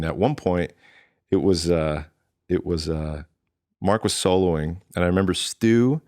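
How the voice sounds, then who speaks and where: A man in his thirties, a drummer, telling stories in a casual interview and acting out quotes in lively voices. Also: sits low, no echo, studio quality. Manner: animated, quotes himself and others in lively voices. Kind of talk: casual storytelling chat.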